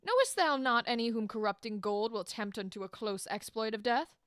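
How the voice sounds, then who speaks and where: A woman reading a scheming male king's lines aloud from a play, slow and deliberate. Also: fairly high pitch, animated, a bit bright, clean tone, no room sound, studio quality. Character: scheming male king plotting murders.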